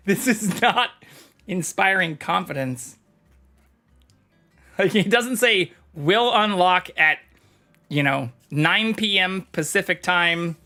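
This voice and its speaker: A man's voice: high-pitched, expressive, unhurried, sharp tone, soft background music. A man chatting casually on a live stream, reading chat aloud and swearing freely. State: talking with mouth full.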